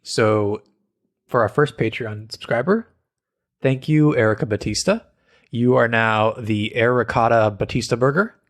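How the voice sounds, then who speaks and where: A man's voice: mid-range voice, measured pace. Stuffed-up man joking on a podcast. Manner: playful, jokey, makes puns. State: stuffed-up nose. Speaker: podcast co-host. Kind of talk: casual chat.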